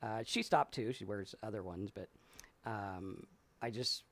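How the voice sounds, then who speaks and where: A man's voice: on the low side, unhurried, fairly bright tone. A man co-hosting a casual live talk, reading viewer comments and telling stories at length. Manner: rambling storyteller, acts out voices. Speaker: podcast co-host.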